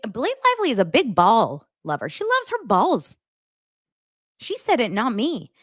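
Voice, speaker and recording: A woman's voice: on the high side, no echo, studio quality. A woman hosting a casual celebrity gossip show, chatty and sarcastic, often laughing. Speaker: host.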